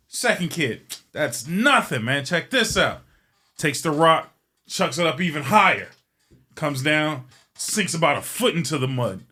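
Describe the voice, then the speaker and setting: A man's voice: medium pitch, bright, forceful tone. A man hosting a podcast, telling a long joke in a casual, rambling and profane way. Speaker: podcast host. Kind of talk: casual storytelling.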